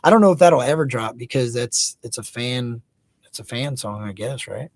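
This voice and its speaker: A man's voice: mid-range voice, expressive, moderate pace, no echo. A man in his thirties hosting a casual livestream, chatting loosely and hyping up viewers by name. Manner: laid-back, hypes up viewers by name. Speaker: livestream host.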